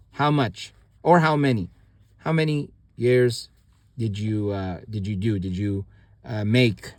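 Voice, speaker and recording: A man of middle pitch teaches a casual grammar lesson, halting often and restarting his sentences. He repeats words slowly so learners can follow. The sound is dry and close, with no room around it. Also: no room sound. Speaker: language teacher.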